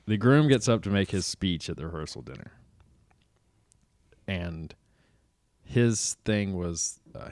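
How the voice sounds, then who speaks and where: Low-voiced young man telling a story. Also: no room sound. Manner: rambling storyteller with restarts and chuckles. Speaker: podcast co-host. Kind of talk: casual chat.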